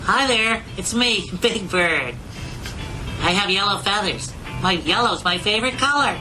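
Big Bird, sweet and high. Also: male voice, animated, measured pace, over music, poor audio. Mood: cheerful. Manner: sweet, innocent, explaining gently. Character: cheerful childlike big yellow bird.

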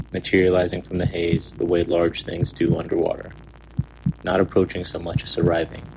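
Deep, gravelly, flat-voiced male narrator. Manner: calm, measured, deliberate. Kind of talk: scripted narration. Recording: noisy hum underneath.

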